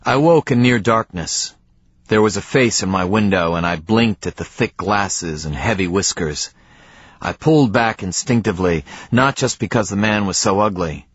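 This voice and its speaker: A man narrating a novel in the first person, measured, with dramatic pauses, in a dry, slightly dull audiobook recording. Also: fairly low pitch, breathy edge, dry recording.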